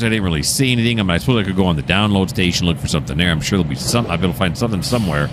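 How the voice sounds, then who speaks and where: A man's voice: lowish voice, background noise. A man casually commenting while playing a train game, rambling and correcting himself as he goes. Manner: rambling, self-correcting, chatty. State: hiccuping. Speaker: gameplay host.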